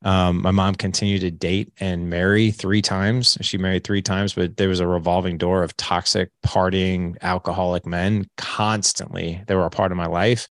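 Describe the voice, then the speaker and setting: Low gravelly man telling his story. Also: moderate pace, hardly any pauses, no room sound, clean studio sound. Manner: candid, animated storyteller who acts out dialogue. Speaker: podcast guest. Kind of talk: storytelling in an interview.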